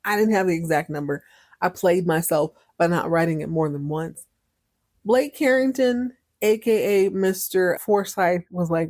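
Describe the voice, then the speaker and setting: A woman's voice: on the low side, normal speed, a little mellow, no echo, clean studio sound. Playful, sarcastic woman podcast host. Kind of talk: casual soap opera recap.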